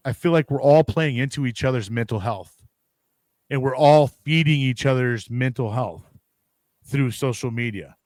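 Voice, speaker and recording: A man's voice: medium pitch, no echo. A man co-hosting a casual podcast chat, talking in long rambling runs, swearing freely and acting out his own reactions. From United States. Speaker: podcast co-host.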